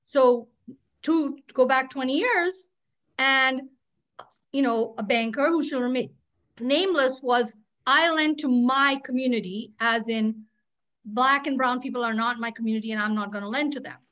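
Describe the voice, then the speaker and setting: An older woman speaks high and animated in a candid panel talk, tossing in sarcastic asides. Her audio comes through a dull, lo-fi video call. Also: moderate pace. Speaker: public interest lawyer.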